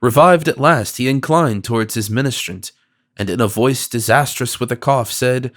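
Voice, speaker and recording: A man narrating a classic novel as an audiobook in a measured, expressive reading voice. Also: medium pitch.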